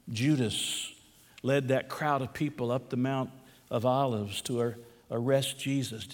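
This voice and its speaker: A male pastor delivering a sermon, swinging between hushed, slow lines and raised, emphatic ones. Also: a little high. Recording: long hall reverb.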